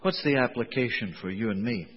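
Man, preacher, husky voice, chatty sermon delivery, long reverb, muffled lo-fi sound. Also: mid-range voice, lively intonation, a little fast. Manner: conversational, digressive preaching. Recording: dull lo-fi recording in a reverberant hall.

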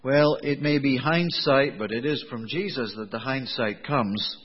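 Husky male preacher in an echoing hall. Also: mid-range voice, a little slow. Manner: conversational, digressive preaching. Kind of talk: sermon. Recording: dull lo-fi recording in a reverberant hall.

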